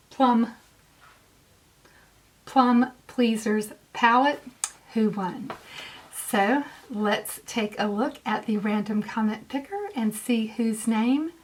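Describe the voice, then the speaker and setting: A woman in her fifties hosting a giveaway announcement vlog, gushing and effusive, repeating herself often. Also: a little high. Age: 50s. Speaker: beauty vlogger.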